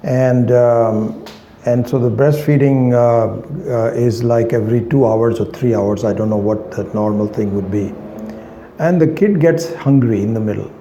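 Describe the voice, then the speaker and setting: Gravelly, dark-voiced male spiritual teacher. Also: medium pitch, measured pace, echoey room, a little hiss or hum. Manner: rambling, hesitant, full of anecdotes and fillers. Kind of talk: spiritual lecture with stories.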